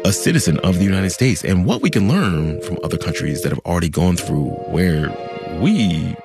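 A man's voice: deep voice, expressive, normal speed, gravelly, over music. A man hosting a conversational news podcast, chatty and explanatory, recorded on a studio mic. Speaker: podcast host.

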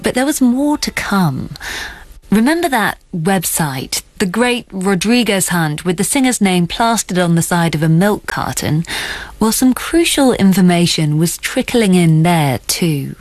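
A woman with a fairly low voice narrates a documentary and puts questions to her guests. Her delivery is measured and clear. The recording is dry and close. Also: animated, dry recording, faint music behind. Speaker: documentary host and interviewer. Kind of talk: scripted narration and interview questions.

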